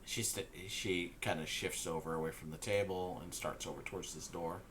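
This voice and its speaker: A man's voice: sits low, steady tone, moderate pace, fairly bright tone, slight background noise. A man narrating a tabletop game as game master, searching for words with many fillers.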